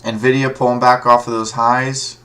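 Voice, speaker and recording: A man's voice: mid-range voice, level tone, moderate pace, fairly bright tone. A man streaming live, giving casual, rambling commentary on stock moves as he reads tickers aloud. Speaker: livestream stock trader.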